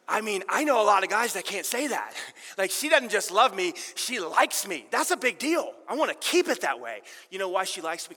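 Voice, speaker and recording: A fired-up middle-aged male pastor with a high, bright voice preaching on a stage microphone. His sermon rings through a large hall with a long reverb tail. He swings between emphatic loud lines and soft, confiding asides, and pokes fun at himself. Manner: animated, self-deprecating, shifts between loud emphasis and quiet intimacy. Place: church auditorium with live audience.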